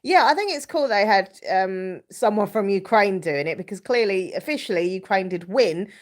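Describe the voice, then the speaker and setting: A woman's voice: medium pitch, animated, moderate pace. Chatty woman with a stuffy cold. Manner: chatty, rambling, reads out viewer comments. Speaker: live stream host. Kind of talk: casual live stream chat.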